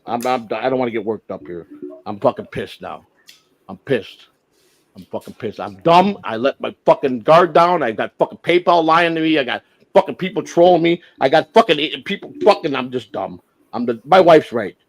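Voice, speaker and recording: A man's voice: medium pitch, expressive, a little fast, low-quality recording. Fired-up profane male streamer. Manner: profane, heated, swings from shouting to muttering. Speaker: livestream host. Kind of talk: unscripted livestream rant.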